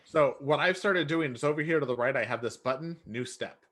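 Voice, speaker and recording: A man explaining step by step how to build a workflow in software, relaxed and often correcting himself. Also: medium pitch, brisk. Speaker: software trainer. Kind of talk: screen-share software tutorial.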